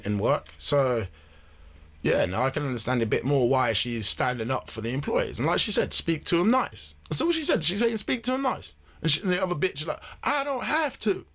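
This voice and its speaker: A man talks through a clip in a casual reaction-video commentary, blunt and animated. He swears freely and speaks in a slightly raised voice. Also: a little high.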